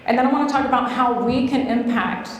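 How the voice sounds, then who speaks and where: A woman's voice: on the high side, fairly even intonation, fast talker. Chatty woman in an echoey hall. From California. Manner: chatty, playful, talks to the crowd. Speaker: keynote speaker. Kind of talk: conference keynote speech. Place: hotel conference hall. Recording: echoey hall, mic from far off.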